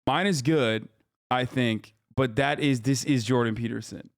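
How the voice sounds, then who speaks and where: A man's voice: medium pitch, a little slow, vocal fry, no echo, clean studio sound. A man in his thirties streaming live, reacting bluntly with emphatic, profane asides.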